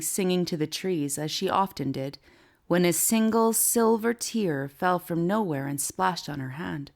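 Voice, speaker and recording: A woman narrating a whimsical storybook in a calm, measured way. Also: fairly low pitch, vocal fry.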